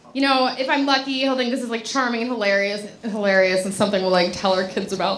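Laughing, high-voiced woman telling a story. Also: fast, few pauses, crowd noise. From Los Angeles. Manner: animated, breathless, laughing through the story, acting out her own thoughts. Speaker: comedic storyteller. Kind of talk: live comedic storytelling to an audience.

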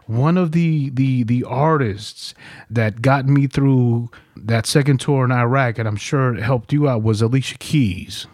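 In a clean studio recording with no echo, a Marine veteran in his forties from New York chats casually on his podcast. He's an animated storyteller who laughs a lot and curses freely, speaking unhurriedly at medium pitch.

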